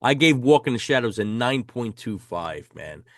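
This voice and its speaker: A man's voice: mid-range voice, sing-song, normal speed, a bit bright, dry recording, clean studio sound. A man hosting a casual album review chat, enthusiastic and swearing casually as he hands rankings to his co-host. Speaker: podcast host.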